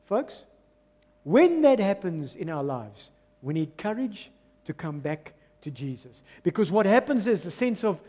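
A man's voice: high voice, sing-song, unhurried, dark tone, in a large hall. A man with a South African English accent, preaching a sermon in a church and acting out the voices of doubters and crowds. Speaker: pastor. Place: church hall.

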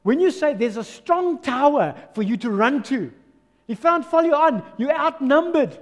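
A man with a South African accent preaching a sermon as pastor, swinging from loud exclamations to soft, low asides. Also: expressive, moderate pace, long reverb tail. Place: church hall.

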